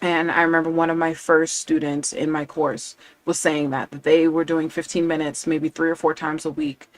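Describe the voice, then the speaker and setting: A woman's voice: sits low, level tone, moderate pace, no room sound. A woman talking as a language coach in a casual live stream, chatty and enthusiastic, often quoting her students.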